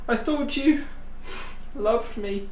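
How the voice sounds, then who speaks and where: A man's voice: very high-pitched, extremely slow, recorded from a distance, full character voice. A man voicing a young British nurse accused of spying, in a pleading, wounded manner. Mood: hurt pleading. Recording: roomy echo, off-mic.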